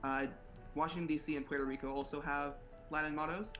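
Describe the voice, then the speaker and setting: A man's voice: on the high side, steady tone, fast, a bit bright, faint music behind, poor audio. A teenage young man from Nevada, answering interview questions earnestly and hesitantly, with lots of fillers. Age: teens. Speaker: interview guest, student officer.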